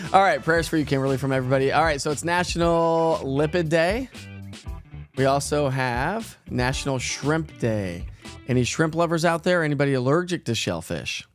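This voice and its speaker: A man's voice: on the high side, expressive, unhurried, pauses often, soft background music. A man in his thirties hosting a casual morning weather livestream, chatting and rambling with folksy asides. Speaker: weather show host.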